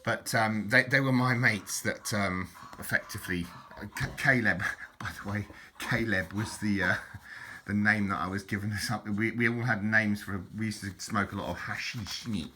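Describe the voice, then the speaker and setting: A man's voice: fairly low pitch, fairly even intonation, normal speed, pushed and bright, slight background noise. An older man rambling through old keepsakes, chuckling often and tagging lines with "innit" and "mate". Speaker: vlogger. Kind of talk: rambling reminiscence over keepsakes.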